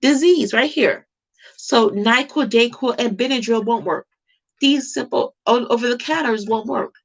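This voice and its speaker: A woman's voice: a little high, unhurried. A woman talking to camera in an impassioned monologue, emphatic and repetitive, firing off rhetorical questions. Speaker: vlogger.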